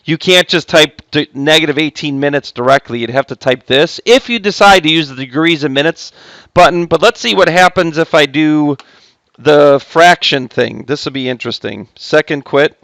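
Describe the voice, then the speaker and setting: In a recorded lesson, a high school math teacher works through a math class, joking around with his students between steps. He has a fairly high, a bit bright voice at a moderate pace, captured in a dry recording.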